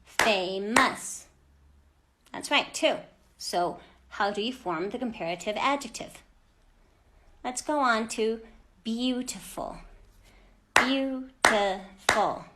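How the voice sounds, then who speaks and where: A woman teaching an English grammar lesson to children, speaking clearly and deliberately and stressing each example word. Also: on the high side, heavy background noise.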